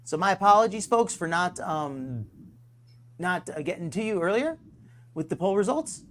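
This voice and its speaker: A man's voice: high-pitched, sing-song, moderate pace, fairly bright tone, a little hiss or hum. A man hosting a live stream, rambling and sarcastic, poking fun at himself. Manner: rambling, sarcastic, self-deprecating.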